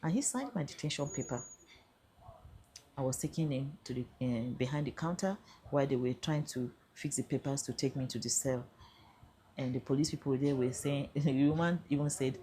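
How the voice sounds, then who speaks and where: A woman's voice: extremely low pitch, normal speed, warm tone, slight background noise. A middle-aged Nigerian woman telling her own story in an emphatic way, building to passionate appeals. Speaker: vlogger. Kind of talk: personal storytelling.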